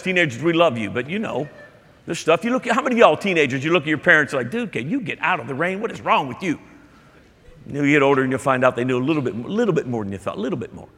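Husky-voiced man preaching in a reverberant hall. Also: mid-range voice, a bit bright. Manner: emphatic, conversational preaching with asides to the congregation. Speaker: pastor. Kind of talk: sermon.

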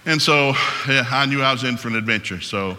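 A Southern US man in his sixties delivers a fast, joking sermon with folksy turns of phrase. His tone is very bright and cutting. The big church hall behind him adds a long reverb tail. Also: medium pitch. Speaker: pastor. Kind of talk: humorous sermon. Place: large church hall with live audience.

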